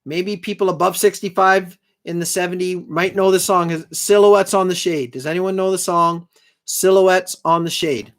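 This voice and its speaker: A man's voice: sits high, steady tone, normal speed, a bit bright. Older male host, casual stream chat, talks straight to the audience. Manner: chatty, talks straight to viewers.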